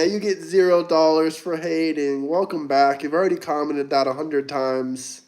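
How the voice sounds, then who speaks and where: A man's voice: a little high, steady tone, moderate pace, hardly any pauses, a little mellow. Mocking livestream host, a man. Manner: mocking, taunting. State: sweaty, coughing. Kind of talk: casual livestream chat reading super chats.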